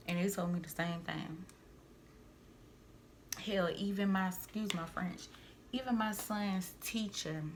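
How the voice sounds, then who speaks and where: A young woman vlogger and single mother, venting a family story to her viewers in a heated, animated way with frequent asides. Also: mid-range voice, vocal fry, a little hiss or hum. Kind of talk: storytime vlog, venting to camera.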